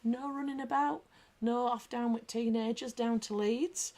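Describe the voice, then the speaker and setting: A woman's voice: a little high, unhurried. A woman with a British accent hosting a casual livestream, chatting, bantering and reading viewer comments aloud. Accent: British English. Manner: lively anecdotal storyteller. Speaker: livestream host. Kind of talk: casual live chat.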